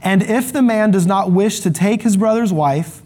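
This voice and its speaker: A man's voice: sits high, moderate pace, warm tone. A man preaching an expository sermon, repeating lines for emphasis and acting out the quotes he reads.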